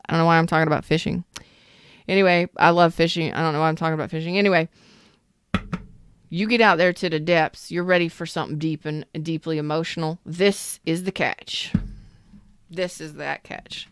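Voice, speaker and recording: A woman's voice: low voice, fairly even intonation, brisk, clean tone, no echo, studio quality. A woman hosting a live tarot reading, casual and emphatic, repeating phrases and chatting with viewers. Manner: talks to viewers in the chat.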